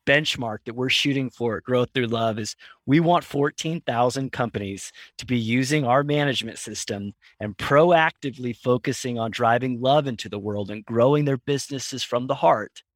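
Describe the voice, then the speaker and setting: Male guest, mid-pitch, animated storyteller who acts out voices, dry close recording. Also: moderate pace, hardly any pauses, no echo. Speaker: founder and guest. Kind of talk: conversational interview storytelling.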